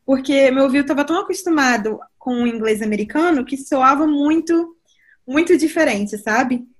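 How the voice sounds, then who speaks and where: A woman's voice: high-pitched, brisk. A young woman from Brazil with a Brazilian accent shifted toward British English, chatting casually as a podcast guest and laughing often. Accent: Brazilian Portuguese, shifted toward British English.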